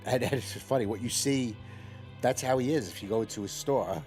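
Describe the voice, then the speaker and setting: A man's voice: mid-range voice, fairly quick, a little mellow, soft background music. A middle-aged man chatting casually while he streams a game as host, often repeating himself and asking "okay?". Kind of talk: casual live gameplay commentary.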